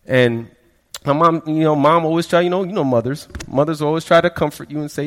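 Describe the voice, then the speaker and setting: This sermon testimony comes from a man with a slightly high voice who talks fairly quickly and tells his story loosely and conversationally. He often stumbles and repeats words, softens his voice when quoting others, and his speech rings with a long, hall-like reverb.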